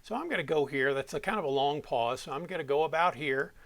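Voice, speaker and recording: Speaking fast and expressively, a man with a slightly high, fairly bright voice teaches audio editing as a step-by-step tutorial for students. His explanations are plain, and he corrects himself along the way.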